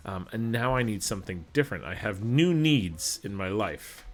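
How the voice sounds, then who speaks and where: A man's voice: on the low side, very animated, normal speed. A man from Alberta giving casual, rambling, self-deprecating commentary over a video game as host of his channel. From Alberta, Canada.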